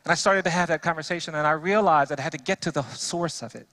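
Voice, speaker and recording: A man, a defense lawyer, giving an earnest storytelling speech to a church audience. He drops soft in sad passages and builds to emphatic repetition when he preaches. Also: fairly high pitch, fast talker.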